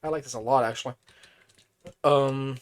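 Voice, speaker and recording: Male streamer with a hoarse, worn voice at mid pitch, casual, mutters through tasks. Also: steady tone, normal speed. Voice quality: thinks aloud, mutters to himself, chatty. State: hoarse, voice fading. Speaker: streamer playing a building game. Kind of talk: casual live-stream commentary.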